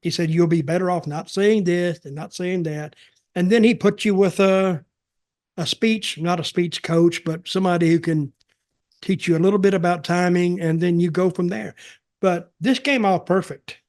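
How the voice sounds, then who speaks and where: Older man, podcast host, rambling folksy delivery, slightly higher voice. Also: fairly even intonation, normal speed, a little mellow. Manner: rambling, folksy, repeats himself. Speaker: podcast host, wrestling veteran. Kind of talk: casual storytelling chat.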